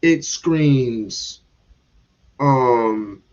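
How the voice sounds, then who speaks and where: A man's voice: medium pitch, very slow, darkish tone, muffled recording. A man giving heated, casual commentary on a stream, restarting and repeating words as he goes.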